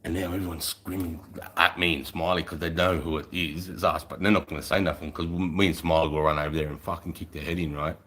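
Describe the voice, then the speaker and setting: A man's voice: sits low, fairly even intonation, fast, hardly any pauses, bright, forceful tone. A man telling a boastful army story in casual, profane, swaggering talk. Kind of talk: crude anecdotal storytelling.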